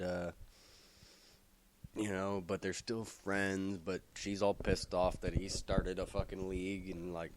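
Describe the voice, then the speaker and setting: A man casually recapping a comic book plot, rambling and swearing heavily. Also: noisy background. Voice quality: low voice, heavy swearing, rambling.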